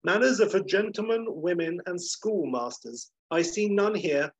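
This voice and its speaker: A man voicing a haughty upper-class English gentleman criminal, clipped and disdainful, with a husky voice. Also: fairly high pitch, a little slow.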